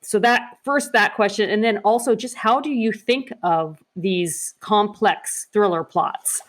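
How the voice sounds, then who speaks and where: A woman's voice: medium pitch, measured pace. A woman hosting a podcast interview, asking questions with ready laughter and admiration. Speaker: podcast host. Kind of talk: casual interview chat.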